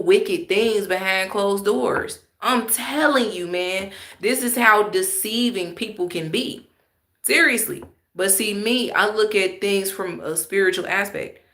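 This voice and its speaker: A woman's voice: medium pitch, bright, forceful tone, echoey room. A woman talking bluntly and emphatically in casual slang while commenting on a livestream and answering chat.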